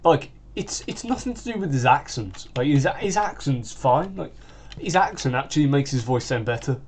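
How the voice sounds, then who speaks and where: A man's voice: medium pitch, lively intonation, moderate pace, a little hiss or hum. Rambling British teen boy gamer. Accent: British English. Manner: rambling, full of "like" and restarts. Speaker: gaming channel host. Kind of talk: casual chat while gaming.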